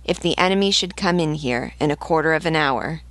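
A woman's voice: low-pitched, fairly quick, fairly bright tone, no room sound. A woman reading the lines of a grim, blunt male fighter.

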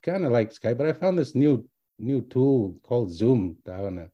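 Very animated and mid-range, this middle-aged man's voice moves at a moderate pace in a dry, lo-fi recording. As a language teacher and doctoral student, he tells his story casually and ramblingly, restarting often and mixing in another language's words.

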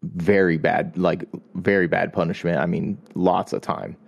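A man as a guest in casual podcast chat, speaking haltingly with many fillers. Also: low voice, fairly even intonation, creaky, muffled recording. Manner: hesitant, halting, filler-heavy.

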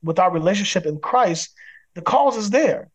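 A man's voice: sits high, animated, normal speed, breathy edge. A man who is a pastor, a guest on a podcast interview, speaking in an emphatic, preacherly way. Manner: acts out quoted people in other voices.

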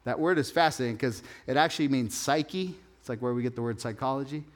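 Male pastor, middle-aged, conversational sermon, emphatic, slows for key phrases, mid-pitched voice.

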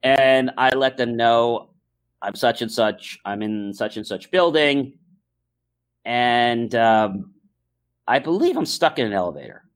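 A man hosting a talk show, speaking earnestly and calmly, with many uh and um fillers as he tells stories. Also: medium pitch, takes it slowly. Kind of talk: casual podcast talk.

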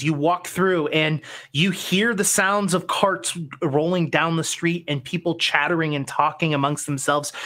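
Low-voiced lady game master, rambly easygoing narration, lots of uhs and likes. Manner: relaxed, meandering narration with fillers.

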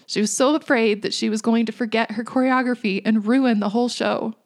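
Woman, 30s, fairly high pitch; earnest devotional speaker who sometimes drops to a hush. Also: fairly even intonation, brisk. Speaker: faith speaker. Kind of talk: reflective devotional talk.

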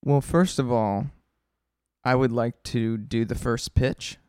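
A man playing an odd, earnest young baseball fan and hacker, talking in a halting, deadpan manner in an improvised comedy podcast. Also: mid-range voice, clean tone, no echo, clean studio sound, lightly acted.

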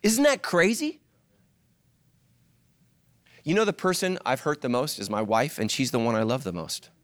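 A middle-aged male pastor preaching a sermon, swinging from loud, high-pitched joking to a hushed, earnest tone. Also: brisk. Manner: animated, jokes in a loud, high voice, then drops to a hushed, earnest tone.

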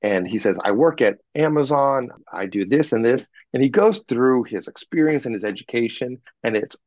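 A man working as a communication coach, telling animated stories about clients and acting out what they said in an interview. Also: mid-range voice, moderate pace, no room sound, lo-fi sound. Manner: animated anecdotes, acts out clients in quoted voices. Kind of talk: podcast interview, storytelling.

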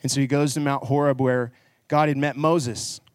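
A pastor delivers a sermon to his church congregation, speaking earnestly and conversationally at a moderate pace with fairly even intonation, building into emphatic passages. His middle-pitched voice is recorded close and dry, with no echo.

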